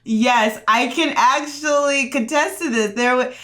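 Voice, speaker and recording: A woman co-hosting a relaxed chat show, her voice sitting a little on the higher side. She talks loosely and chattily, padding her sentences with fillers and "like". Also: a little slow. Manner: chatty, lots of fillers and likes. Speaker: podcast co-host. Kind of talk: casual chat. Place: indoors in a child's room.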